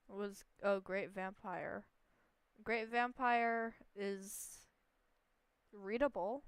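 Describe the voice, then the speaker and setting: A woman's voice: medium pitch, fairly even intonation, extremely slow, clean tone, dry recording. A woman streamer giving casual, playful commentary while playing a game, with rambling, self-deprecating asides.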